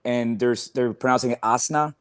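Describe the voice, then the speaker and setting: A man's voice: mid-range voice, brisk. A man chatting on a fan podcast, talkative, laughing often and swearing now and then. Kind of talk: casual chat.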